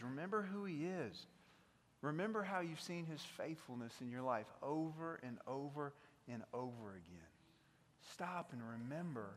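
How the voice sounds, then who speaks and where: A man with a South Mississippi drawl preaches with a fairly high voice. He surges loud and then drops to near hush. The sound rings with a long church-hall reverb. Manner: impassioned preaching, swinging from loud to hushed. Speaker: pastor. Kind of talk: sermon.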